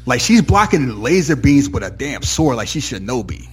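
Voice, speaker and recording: A man's voice: medium pitch, moderate pace, breathy edge, soft background music. A man casually recapping a TV episode with a co-host, acting out characters' lines as he goes. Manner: animated, acts out characters' lines mid-story. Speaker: podcast co-host.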